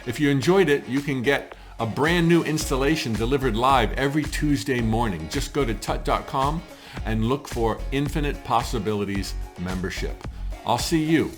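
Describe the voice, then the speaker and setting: A man's voice: medium pitch, normal speed, faint music behind. Man, host, guided spiritual talk, conversational, encouraging, roomy echo. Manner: conversational, encouraging, repeats phrases softly.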